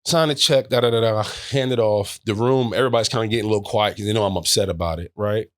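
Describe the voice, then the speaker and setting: A man in his forties, from New York, telling a long profane story in a casual, animated way. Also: on the low side, fast talker, no echo, studio quality. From New York, USA. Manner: animated, profane, scat-filler asides. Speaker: guest, former football player.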